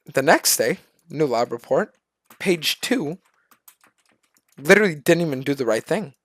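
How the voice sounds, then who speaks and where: Animated man ranting on stream. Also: a little high, measured pace, dry recording. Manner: animated, profane, acts out other people in quoted voices. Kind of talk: ranting storytelling.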